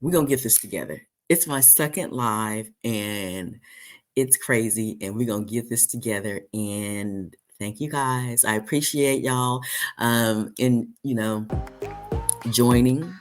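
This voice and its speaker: A man hosting a casual live-stream chat, rambling with many fillers and restarts, and jumping high when he mimics people. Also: a little slow, soft background music. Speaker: host.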